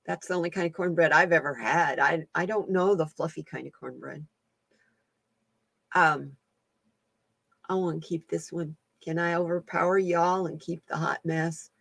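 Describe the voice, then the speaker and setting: A woman's voice: deep voice, steady tone, normal speed, vocal fry, a bit bright, no echo. A woman hosting a casual live-stream chat as a card reader, folksy and laughing often.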